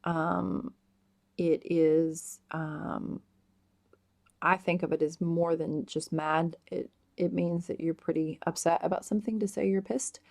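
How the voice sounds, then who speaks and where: A woman explaining slang words in a casual vlog, hesitant and full of drawn-out ums. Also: fairly low pitch, fairly even intonation, vocal fry, darkish tone. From United States. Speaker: vlogger explaining British slang.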